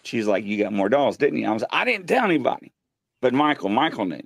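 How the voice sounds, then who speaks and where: A man hosting a live paranormal show from his home studio, telling ghost stories excitedly and acting out what people said. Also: mid-range voice, fast talker, creaky, no echo. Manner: excitable storyteller, acts out quotes. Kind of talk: casual live-stream chat. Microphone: desk mic.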